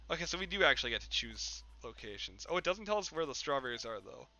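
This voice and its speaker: A man's voice: medium pitch, bright, forceful tone, dull audio. A man streaming a game and chatting casually with his chat in a rambling, jokey way, laughing often. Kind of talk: casual live-stream chat while gaming.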